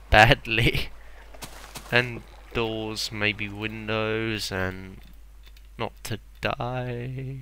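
A man's voice: fairly low pitch, steady tone, extremely slow, pushed and bright, slight background noise. A young man rambling and mocking himself as he plays a block-building game. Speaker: gameplay commentator. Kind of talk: casual Let's Play commentary.

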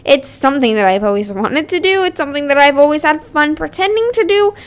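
High-pitched girl rambling thru a game on her mic, giggly and over the top. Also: expressive, quick pace. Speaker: YouTuber. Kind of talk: casual game commentary. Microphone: desk microphone.

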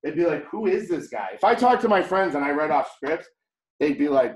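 A man's voice: a little high, lively intonation, a little fast. A man with a heavy Boston accent, teaching a real estate training class in a blunt, conversational, jokey way. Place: training room. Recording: echoey room.

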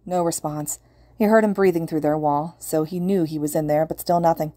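A woman reading fan fiction aloud as an audiobook narrator, in an earnest, steady way. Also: low-pitched, fairly quick, dry recording. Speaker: podfic reader.

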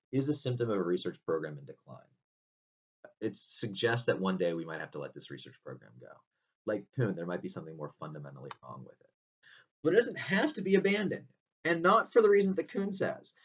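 A man giving a recorded philosophy lecture, explaining step by step and often checking in with "right?". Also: low-pitched. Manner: explanatory, frequent "right?" tag questions. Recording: dull distant lo-fi audio.

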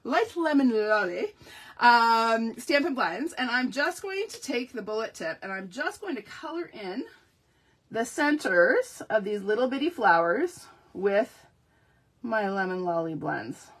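A woman's voice: fairly high pitch, very animated, a little slow, a bit bright, slightly rough. A woman hosting a live card-making tutorial, chatty and upbeat, with self-deprecating asides as she demonstrates. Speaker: crafting tutorial host.

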